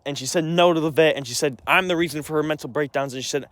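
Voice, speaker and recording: A man's voice: on the high side, fast, fairly bright tone, no room sound. A young man telling a personal story in an agitated, rambling way, full of restarts and swearing. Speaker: vlogger.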